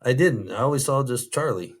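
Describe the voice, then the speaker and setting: A man's voice: mid-range voice, expressive, brisk. A man, a former prison guard, telling rambling, easygoing anecdotes in an interview, full of restarts and fillers.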